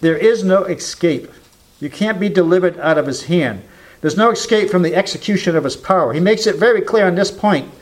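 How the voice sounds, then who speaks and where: Emphatic, high-voiced male preacher. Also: fairly quick. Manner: emphatic preaching, quoting scripture, rhetorical questions. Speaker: pastor. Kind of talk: sermon.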